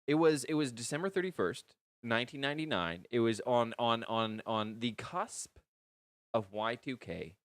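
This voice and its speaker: A man with a Canadian accent, co-hosting a stream and spinning an absurd, stop-start tall tale in a deadpan way. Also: mid-range voice, normal speed, no room sound, studio quality. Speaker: co-host. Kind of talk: absurd improvised storytelling, casual chat.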